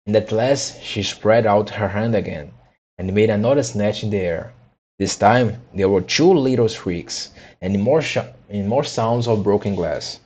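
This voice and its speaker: A man reading a children's book aloud, halting with frequent restarts and repeated words. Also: on the low side, a little mellow. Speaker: audiobook reader.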